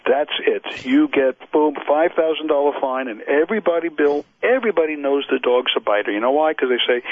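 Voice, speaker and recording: A man's voice: on the high side, brisk, hardly any pauses, dry recording. Emphatic man on a tinny radio line. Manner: emphatic, repeats points, acts out owners' excuses. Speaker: dog trainer and expert witness. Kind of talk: radio interview guest. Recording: dry, husky, phone-like radio line.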